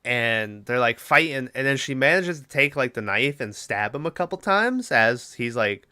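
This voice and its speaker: A young man on a podcast, recapping a film in a loose, rambling way and swearing freely. His voice is bright and forceful, with a smooth, crisp tone. The sound is dry and close, with no room around it. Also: mid-range voice, expressive, normal speed, dry recording. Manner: rambling, swears often, lots of fillers. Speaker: podcast co-host. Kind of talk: casual movie recap chat.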